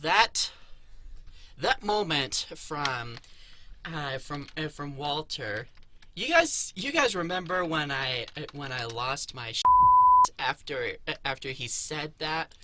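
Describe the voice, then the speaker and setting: A woman reacting to a comedy clip with short exclamations and halting, drawn-out remarks. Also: low-pitched, lively intonation, pushed and bright, a little hiss or hum. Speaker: video reactor. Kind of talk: casual reaction commentary.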